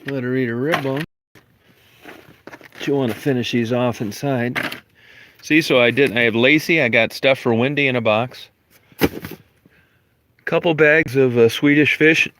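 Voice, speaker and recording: A rambling man talks casually to the camera and to his dog, swearing now and then. His pitch sits mid-range, and faint noise runs behind him. It sounds like handheld vlog footage filmed at home. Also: a bit bright. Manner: coos affectionately to his dog, calling her hon. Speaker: vlogger. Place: arriving home in snowy weather, garage and house.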